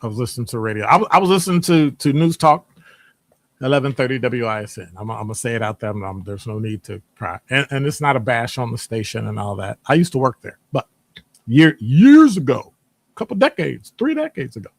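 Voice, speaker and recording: A man's voice: medium pitch, brisk, dry recording. A middle-aged man hosting a live stream, chatting casually and greeting viewers by name. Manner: greets chat viewers by name, lively rises. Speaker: host of a live stream show.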